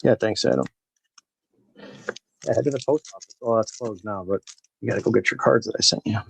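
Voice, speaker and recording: A man's voice: fairly low pitch, a little fast, rough recording. A man hosting a live baseball card break, rambling casually and talking to viewers by name as he opens packs. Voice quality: gravelly, husky. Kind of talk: casual live-stream chat while opening packs.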